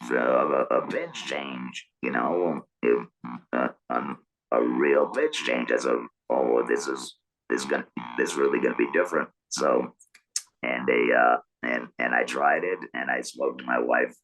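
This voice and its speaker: A middle-aged man talking through an electrolarynx, with a buzzing mechanical tone and halting speech full of repeated words. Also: a bass voice, fairly bright tone, poor audio. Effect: electrolarynx buzz. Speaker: guest telling his story. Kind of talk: casual interview storytelling.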